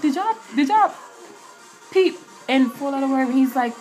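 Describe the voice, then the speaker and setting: A young woman chatting casually to her webcam, slangy and animated, often breaking into loud quoted voices. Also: sits high, normal speed, soft background music. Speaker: vlogger answering viewer questions. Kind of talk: casual chat to camera.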